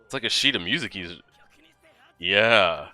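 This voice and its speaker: A man hosting an anime reaction video, talking casually and excitably, swearing and talking back at the screen. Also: on the low side, measured pace, no room sound, faint music behind.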